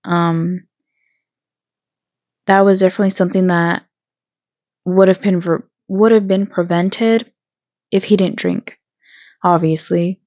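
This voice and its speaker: A woman hosting her own channel, telling a personal story in a hesitant vlog style with many pauses and restarts. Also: mid-range voice, darkish tone, no echo, lo-fi sound. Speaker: channel host.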